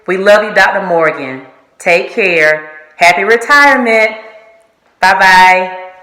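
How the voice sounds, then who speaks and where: Lady giving a heartfelt goodbye, earnest, middle pitch, echoey room. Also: takes it slowly, bright, forceful tone. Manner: earnest, emotional, speaking straight to the listener. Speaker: ultrasound technologist. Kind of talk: heartfelt farewell message.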